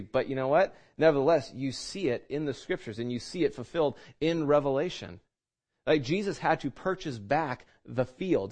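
Male preacher, casual teaching sermon, rhetorical questions, slightly high register. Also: a little mellow. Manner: conversational, many restarts and rhetorical questions.

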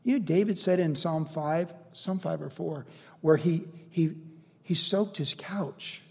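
A male pastor teaches a Bible passage verse by verse, earnest and conversational, with rhetorical questions. His fairly high voice carries a gravelly edge. It echoes with the long reverb of a large sanctuary. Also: a little slow, darkish tone.

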